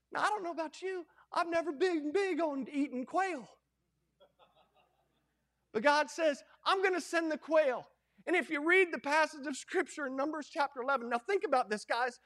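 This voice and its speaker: A middle-aged man preaching a sermon as pastor, folksy and animated, acting out quoted lines. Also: extremely high pitch.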